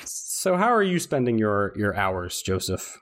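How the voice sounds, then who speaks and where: A man narrating as game master of a tabletop role-playing game, relaxed and joking with his players. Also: lowish voice, measured pace. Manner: relaxed, joking, stops to laugh at his own flubbed accents.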